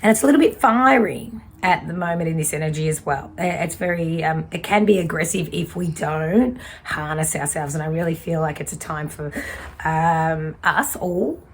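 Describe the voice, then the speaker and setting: A woman's voice: deep voice, moderate pace, a little hiss or hum. A woman, giving a casual tarot reading in a fiery, direct way. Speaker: tarot reader.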